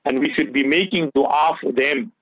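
A man's voice: a little high, normal speed, fairly bright tone, husky, no echo. A man giving impassioned Islamic advice on a radio talk show, mixing English with Urdu and Arabic phrases. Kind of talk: earnest religious talk on radio. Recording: dull lo-fi radio audio.

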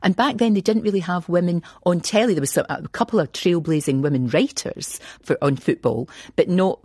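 A woman in her sixties with a Glasgow accent, talking as an interview guest in an animated, chatty, self-deprecating way. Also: lowish voice, fairly quick, breathy edge, no room sound. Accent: Scottish, Glasgow. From Scotland. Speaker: guest, TV presenter. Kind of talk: radio interview chat.

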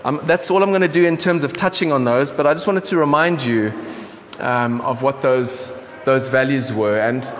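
Speaking at normal speed with medium pitch and fairly even intonation, this South African man gives a relaxed, conversational sermon as a pastor, often saying um and starting over. The church hall where he speaks is echoey, with a faint hum of room noise.

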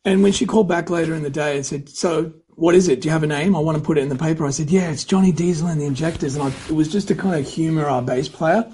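A man's voice: fairly high pitch, quick pace, hardly any pauses, dark tone, breathy edge, low-quality recording. A middle-aged man and singer-songwriter telling rambling anecdotes in a casual interview, often correcting himself and acting out quoted dialogue. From United States.

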